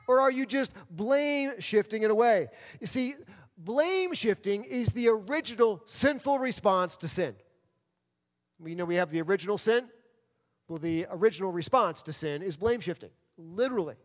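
A man's voice: high voice, animated, moderate pace. A man from New York City preaching a sermon as pastor, firing off rhetorical questions and acting out people's excuses. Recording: long reverb of a large hall.

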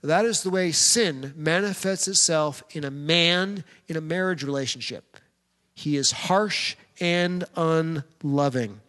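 A pastor with a voice set a little higher than most men's delivers a sermon in a direct, plain-spoken way, speaking straight to the men in front of him. Each line rings out into a long hall reverb. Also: male voice, fairly bright tone.

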